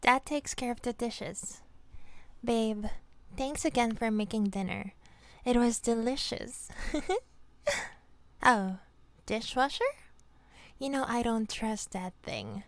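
A giggly young vampire girlfriend, played by a woman in an audio role-play, clinging and teasing her partner. Her voice sits a little high and she talks slowly, lingering over her words. The sound is dry and close. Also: no echo. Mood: playful.

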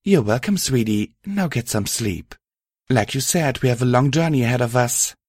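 A man voicing a gentle, caring mare. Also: mid-range voice, animated, normal speed, no room sound, clean studio sound, pitched above the performer's own voice, close to an everyday voice. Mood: reassuring. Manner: soft, reassuring. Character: gentle caring female pony, a loving partner.

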